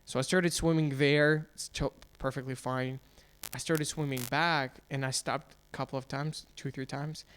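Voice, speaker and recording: A man co-hosting a casual podcast, telling a story in an animated way with frequent restarts. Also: medium pitch, normal speed, few pauses, slight background noise. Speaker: podcast co-host. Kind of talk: casual chat.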